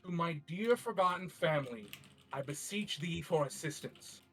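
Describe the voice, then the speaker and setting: Guy doing a fired-up young summoner, bit high, theatrical chanting. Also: animated, normal speed, soft background music, low-quality recording. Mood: solemn. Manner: theatrical incantation, builds to shouting. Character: excitable young male summoner, dramatic.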